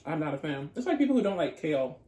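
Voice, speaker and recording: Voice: mid-range voice, very animated, fast talker, mellow. A playful, chatty host talking casually while eating, describing food in detail and calling to viewers as y'all. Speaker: mukbang host. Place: home room with dogs nearby. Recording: echoey room.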